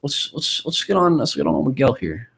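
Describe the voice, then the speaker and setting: A man's voice: mid-range voice, big pitch swings, moderate pace, creaky, fairly bright tone, slightly rough, poor audio. A man with an ordinary mid-range voice co-hosts a podcast. He jokes crudely and swears freely in easygoing banter. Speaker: podcast co-host. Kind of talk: casual banter.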